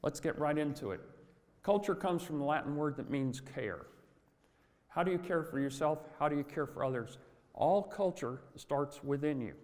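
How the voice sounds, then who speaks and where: A man's voice: a little high, expressive, normal speed, a little mellow, in a large hall. Older man giving a folksy motivational talk. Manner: folksy storytelling with asides. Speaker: speaker on workplace culture.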